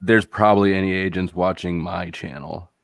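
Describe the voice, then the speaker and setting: Wisecracking low-voiced man streamer. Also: normal speed, gravelly, no echo, studio quality. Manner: wisecracking, swearing, deadpan jokes. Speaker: live stream host. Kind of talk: casual chat.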